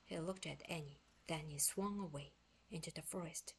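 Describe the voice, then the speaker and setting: A woman reading a children's book aloud in expressive, unhurried storytelling; her first language is Korean. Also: sits low, breathy edge. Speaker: book reader.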